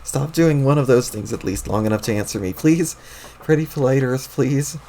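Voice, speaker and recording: A man's voice: medium pitch, normal speed, warm tone, a little hiss or hum, lightly acted. A man reading a webcomic aloud, voicing a crabby, sarcastic young alien troll boy who swears.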